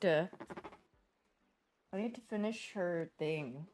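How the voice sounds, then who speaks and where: A young woman streaming, telling stories in a lively, animated way and often laughing and squealing. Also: mid-range voice, measured pace, a little hiss or hum. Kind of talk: casual chat stream.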